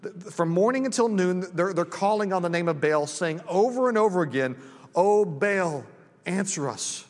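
A man's voice: sits high, lively intonation, a little fast, long reverb tail. A male pastor preaching a conversational sermon, with frequent restarts and friendly asides. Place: church sanctuary.

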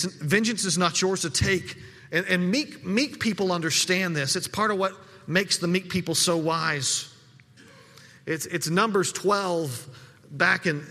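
A man's voice: sits high, bright, forceful tone, long reverb tail. A man preaching a sermon in a conversational way, often repeating words as he restarts his sentences. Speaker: pastor.

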